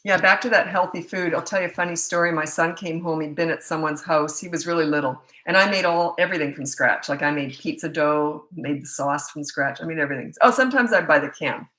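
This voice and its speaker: Bright-voiced chatty woman coach. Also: low-pitched, fairly quick, hardly any pauses, poor audio. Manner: chatty, storytelling, laughs often. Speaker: parenting coach. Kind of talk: live Q&A chat from home on webcam. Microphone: laptop webcam.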